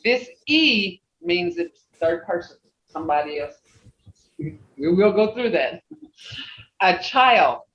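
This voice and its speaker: Slow patient teacher on a zoom call, voice goes up and down a lot, echoey and muffled. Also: medium pitch, animated, a bit bright, a little hiss or hum. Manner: patient, repeats words and checks understanding. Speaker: language teacher. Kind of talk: online language class. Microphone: video call.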